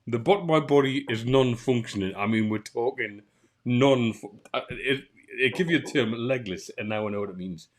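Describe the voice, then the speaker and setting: A man with a Geordie accent, co-hosting a podcast and telling a funny anecdote in a lively, laughing way. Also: mid-range voice, moderate pace. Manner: animated anecdote teller, laughs through the story. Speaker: podcast co-host. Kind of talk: casual chat, storytelling.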